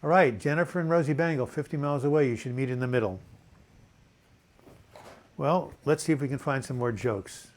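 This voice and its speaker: An older man with a dry cough hosts a relaxed live video chat. He has a mid-pitched voice and reads viewers' comments aloud as they come in. He breaks off into corny jokes between them. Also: brisk, pauses often, slight background noise.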